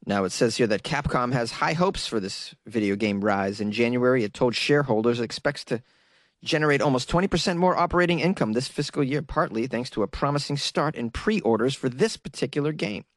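A man's voice: medium pitch, brisk, no room sound, studio quality. Joking man hosting comedic news. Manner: chatty, joking, asks viewers questions. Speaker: comedy show host.

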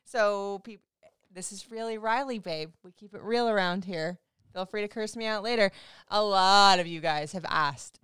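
A woman in her forties co-hosting a casual couple chat, animated and teasing, swearing freely. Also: medium pitch, moderate pace, clean tone, dry recording, studio quality. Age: 40s. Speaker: podcast co-host.

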